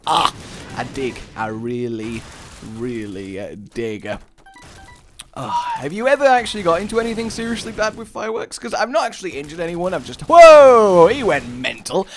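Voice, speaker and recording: Lively, excitable male gameplay commentator. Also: fairly high pitch, normal speed, over music. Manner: excitable, gushing, mimics explosion sounds. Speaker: gaming channel host.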